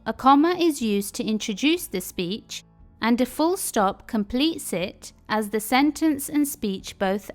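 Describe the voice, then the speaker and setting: A woman giving a scripted English lesson, explaining each point clearly and carefully. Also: on the high side. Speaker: English teacher.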